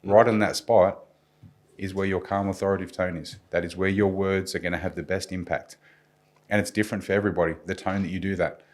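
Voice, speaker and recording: A man's voice: sits low, level tone, quick pace. A man speaking as a guest expert on a podcast panel, explaining communication with a confident coaching manner. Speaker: guest security and communication specialist.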